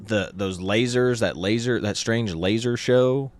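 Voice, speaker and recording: Laid-back guy co-hosting a morning show, kinda low voice, jokes around. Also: a little slow. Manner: laid-back, joking, trailing off. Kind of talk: casual news chat.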